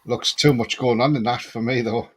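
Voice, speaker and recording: A man chatting as a guest on a casual live stream over a remote call, relaxed and a bit hesitant. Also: medium pitch, normal speed, slight background noise. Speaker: regular guest. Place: home setup, remote call.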